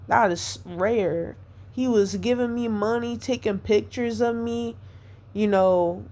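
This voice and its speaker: A woman talking through a painful breakup on her podcast, hurt and rambling, repeating herself as she vents. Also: a little high. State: upset, devastated. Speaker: podcast host. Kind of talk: personal venting monologue.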